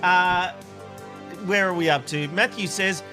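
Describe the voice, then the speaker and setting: A man's voice: high voice, measured pace, pushed and bright, faint music behind. An Australian man co-hosting a casual panel chat, reading out viewer comments with a playful manner and frequent laughs. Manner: playful, laughs often, restarts lines. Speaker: co-host reading viewer feedback.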